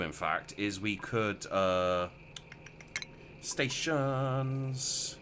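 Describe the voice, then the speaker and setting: Man, lower voice, swooping lively delivery, rambling gameplay commentary, noisy home recording. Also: unhurried. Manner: rambling, self-mocking, talks to himself while playing. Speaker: let's play gamer.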